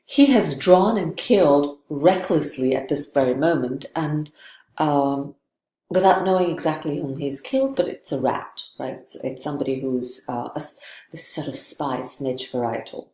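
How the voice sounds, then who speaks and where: A woman's voice: low-pitched, moderate pace, mellow, reverberant. A woman giving a literature lecture, thoughtful and digressive, often checking in with "right?". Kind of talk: recorded lecture.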